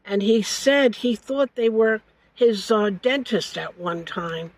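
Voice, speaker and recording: An older woman recounting a family story in an interview, halting and correcting herself as she goes. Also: fairly high pitch, dry recording, low-quality recording. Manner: halting, with frequent hesitations and self-corrections.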